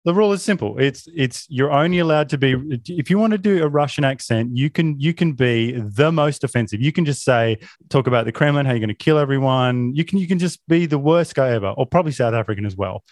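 A man co-hosting a casual film podcast, talking in a halting, wry way. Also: medium pitch, a little mellow, no echo. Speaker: podcast co-host. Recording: dry close mic.

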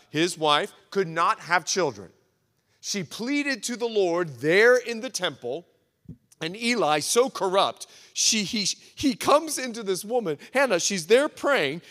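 A male pastor preaching a sermon at a men's breakfast, telling the story with animated delivery and acting out what people say. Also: high voice, long reverb tail. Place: church hall at a men's breakfast.

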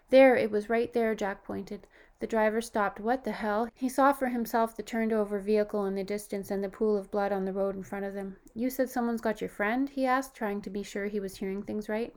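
A woman narrates a horror story in a steady, scripted reading. Her voice sits at a middle pitch and stays flat, with little rise and fall. She lifts it only a little when she quotes a character. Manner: even, steady storytelling with lifted quoted lines.

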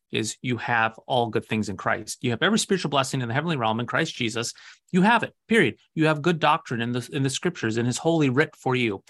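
A man's voice: medium pitch, a bit bright. Earnest, emphatic Lutheran pastor man. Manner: earnest, emphatic, rhetorical questions. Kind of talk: casual conversation about faith.

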